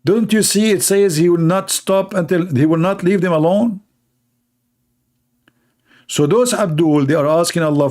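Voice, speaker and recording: Man, fairly high voice, sarcastic, mocking commentary, storytelling, mimics voices. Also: normal speed, pauses often, a little mellow.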